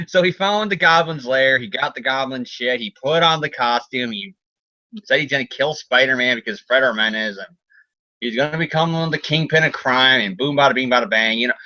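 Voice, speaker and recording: A man in casual comic book chat, rambling loosely and laughing between lines as he slips into voices for characters. His tone is very bright and forceful, recorded dry and slightly dull, a touch high for a man. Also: moderate pace, no echo. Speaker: podcast co-host.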